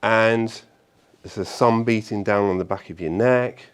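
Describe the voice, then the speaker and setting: A man speaks at a meetup event, telling anecdotes to the room. His voice sits a little low, and his delivery is chatty and animated, full of fillers and "okay?" checks with the audience. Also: unhurried, smooth. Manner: chatty, animated storyteller with tag questions and fillers. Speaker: conference speaker. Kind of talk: live talk to an audience.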